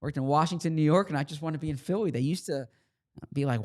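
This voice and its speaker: A man's voice: a little high, fast talker. A man with a slight Philadelphia accent co-hosting a sports podcast, talking casually and explaining things with frequent restarts. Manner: conversational, explains with repeats and restarts. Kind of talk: casual chat.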